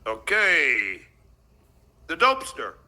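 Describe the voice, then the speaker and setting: A man's voice: on the high side, wildly swooping pitch, slow, bright, forceful tone. A man hosting a podcast, giving casual live commentary over a clip in a sarcastic, needling way and cutting in often. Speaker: podcast host reacting to a clip.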